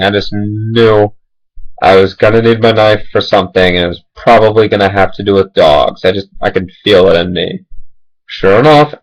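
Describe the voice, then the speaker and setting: A man's voice: lowish voice, rough recording. A young man telling casual, rambling personal stories, full of "like" and "you know". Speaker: vlogger. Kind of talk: casual storytelling.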